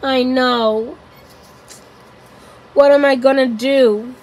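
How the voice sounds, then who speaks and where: Lady putting on a nervous little lady, quiet and unsure, high-ish and slow. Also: fairly even intonation, low-quality recording. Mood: worried. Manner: hesitant, soft, with many ums. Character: worried, soft-spoken little lady.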